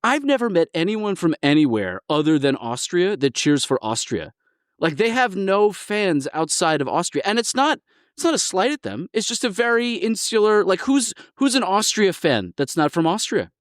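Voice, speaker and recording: A man's voice: sits high, big pitch swings, normal speed, no echo, clean studio sound. An American man co-hosting a podcast, talking in long rambling stretches. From United States. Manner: rambling, chatty. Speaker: guest co-host. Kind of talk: casual chat.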